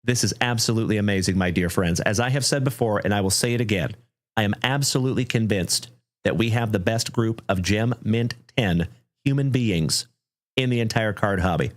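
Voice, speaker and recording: A man hosting a livestream trading card break, thanking viewers effusively and calling out cards with excitement. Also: lowish voice, a little fast. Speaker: live card break host.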